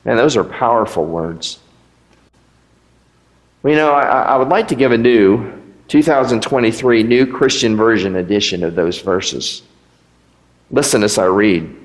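A man preaching a sermon as pastor, animated, with rising emphasis and rhetorical questions. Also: on the low side, measured pace, pauses often. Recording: echoey hall.

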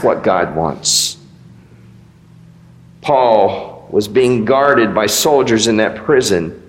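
A man preaching a sermon as pastor, animated, with rising emphasis and rhetorical questions. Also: on the low side, drawn-out words, long pauses. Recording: echoey hall.

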